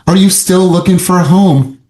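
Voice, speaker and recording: A man's voice: high voice, moderate pace, mellow. A man coaching sales agents in an emphatic, repetitive, motivational way. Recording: roomy echo.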